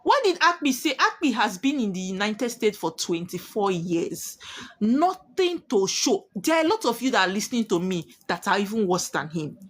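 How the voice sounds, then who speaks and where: A woman's voice: medium pitch, big pitch swings, normal speed. A woman, a spiritualist delivering emphatic, preachy warnings straight to her viewers and repeating key lines for weight. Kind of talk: prophetic monologue to viewers.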